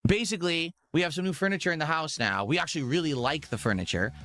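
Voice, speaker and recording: A man's voice: fairly high pitch, fast talker, a bit bright. A man co-hosting a casual chat, telling a rambling, exasperated story. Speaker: co-host. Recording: faint music behind.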